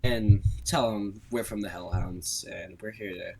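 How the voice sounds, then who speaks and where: Male player, lowish voice, halting speech, faint background noise. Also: fairly even intonation, gravelly. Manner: hesitant, brief replies.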